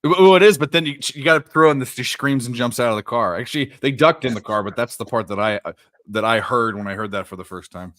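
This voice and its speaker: A man's voice: medium pitch, fast talker, a bit bright, dry recording, clean studio sound. A man co-hosting a live sports betting stream, rambling and swearing, breaking off to react to the games. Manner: rambling, profane, jokey, stops to react to games. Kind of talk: casual live-stream chat. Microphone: desk microphone.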